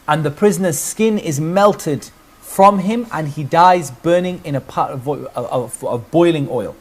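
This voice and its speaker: A man with a high voice tells a religious story in earnest, preaching tones. He pauses on rhetorical questions to his listeners. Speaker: Islamic preacher.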